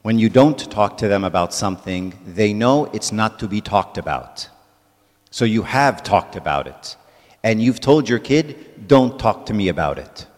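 A man's voice: lowish voice, long reverb tail. A man giving a conversational church talk to a congregation, often checking in with "right?". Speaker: church speaker.

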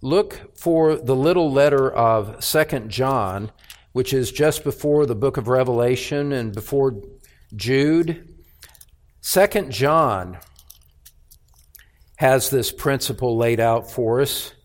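Slow, emphatic male preacher. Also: medium pitch. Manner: emphatic preaching with measured repetition. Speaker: pastor. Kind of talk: sermon.

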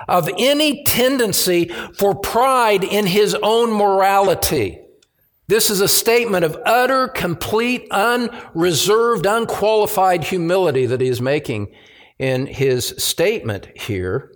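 A pastor preaching a sermon, slow and emphatic, repeating key phrases for stress. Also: male voice, sits high.

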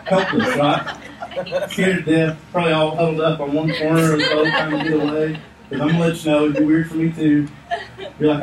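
A male pastor preaching a sermon in a lively, joking storytelling manner. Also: on the high side, fast, background noise. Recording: echoey room, distant mic.

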